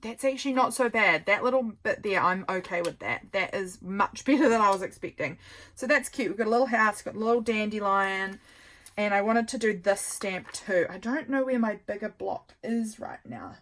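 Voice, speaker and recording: A woman's voice: medium pitch, moderate pace, a bit bright, poor audio. A woman vlogger chatting casually as she works on a craft project, thinking aloud and poking fun at her own mistakes. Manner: thinks aloud while working, rambling and self-deprecating.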